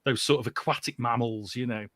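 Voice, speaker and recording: A man's voice: medium pitch, brisk, fairly bright tone, dry recording. A man hosting a casual interview, talking with earnest enthusiasm and getting openly emotional about the subject. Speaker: podcast host.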